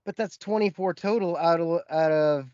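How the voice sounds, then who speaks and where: Guy telling a story on a podcast, kinda high voice, dry dull mic, acts out all the quotes. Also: moderate pace, mellow, smooth, no echo. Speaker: podcast co-host. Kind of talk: casual storytelling chat.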